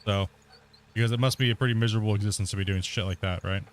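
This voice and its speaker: A man's voice: fairly low pitch, fairly even intonation, rapid-fire. A man streaming a game, chatting casually with his viewers and laughing often. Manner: chatty, talks straight to viewers in chat, frequent laughter. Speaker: gaming streamer. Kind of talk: casual livestream chat.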